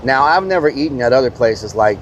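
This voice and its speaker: A man's voice: mid-range voice, animated, a little fast, slight background noise. A man, a streamer casually telling a rambling story to his live chat, full of fillers and mild swearing.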